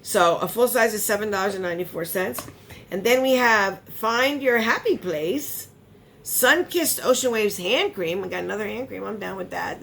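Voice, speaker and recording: A woman beauty vlogger chatting casually while unboxing, rambling and excitable, sometimes gasping. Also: medium pitch, slight background noise.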